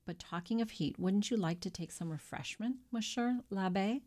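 A woman's voice: mid-range voice, moderate pace, dark tone, natural voice. A woman reading an audiobook and voicing an eager, ingratiating male innkeeper who fusses over a guest. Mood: obliging. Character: fawning, flustered male innkeeper, middle-aged. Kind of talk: audiobook character voice.

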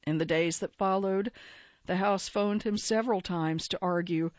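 A woman narrates a long magazine feature in a steady, measured read. Her voice sits at an ordinary middle pitch. The recording is dry and close, with a slightly dull, muffled top end. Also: no echo.

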